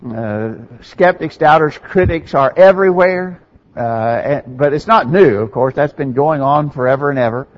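A man's voice: fairly high pitch, moderate pace, highs cut off. A man preaching a sermon in an earnest, emphatic way, with conversational asides to the congregation.

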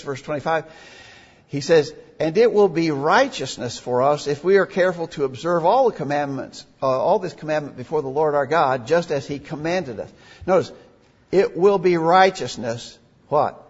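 Earnest preacher man, husky, echoing hall. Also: a little high. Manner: earnest, emphatic, reads scripture aloud. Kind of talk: sermon. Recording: dull lo-fi recording in a reverberant hall.

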